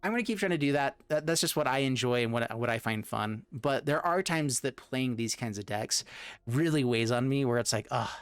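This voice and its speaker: A man rambling through an animated, casual rant as a gaming video host, restarting his sentences and leaning on fillers. His voice sits at an ordinary middle pitch. The recording is close and dry, with no room sound. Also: a little fast, clean tone, no echo. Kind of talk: casual gameplay commentary.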